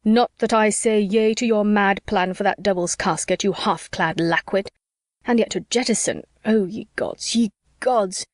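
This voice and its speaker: A woman's voice: mid-range voice, a little slow, dry recording, studio quality, close to an everyday voice. A woman doing a blustering old-fashioned soldier man. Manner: pompous archaic bluster.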